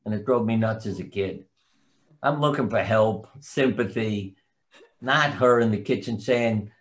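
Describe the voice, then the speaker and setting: An older man, a physician and author, is the guest in a casual interview, speaking unhurriedly in a medium-pitched, slightly bright voice. He tells long, rambling anecdotes and sometimes loses track of names.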